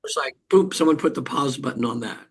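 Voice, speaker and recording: Speaking with animation at a medium pitch, an older hypnotherapist guest recounts something personal during an interview. He keeps restarting, clearing his throat, and halting as he goes.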